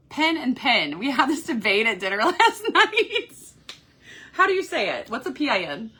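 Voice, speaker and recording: A woman with a Kentucky accent, chatting upbeat and fast from a cruise ship cabin while reading viewer comments aloud on her phone. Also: sits high, sing-song, sharp tone, husky. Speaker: cruise vlogger host. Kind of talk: casual live-stream chat.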